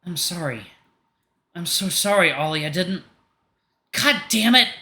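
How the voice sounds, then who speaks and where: A man voicing a furious young male blue jay bird-man who shouts and curses. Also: extremely high pitch, moderate pace, pitched above the performer's own voice, exaggerated voice. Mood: despairing. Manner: shouting, snarling, cursing. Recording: roomy echo.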